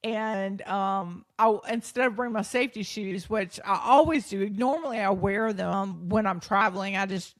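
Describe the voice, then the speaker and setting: A woman hosting a podcast, telling a personal story in an animated, self-deprecating way, often laughing mid-sentence and acting out past thoughts. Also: mid-range voice, normal speed, hardly any pauses, no echo, clean studio sound. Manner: acts out her own past thoughts and others' speech; frequent restarts and fillers. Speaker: podcast host.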